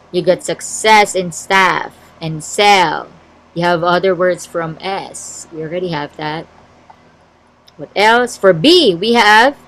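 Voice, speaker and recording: A woman's voice: fairly low pitch, poor audio. A woman with a Filipino English accent, teaching an online class and reading out and checking her students' answers in a word game. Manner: checks answers aloud, encouraging.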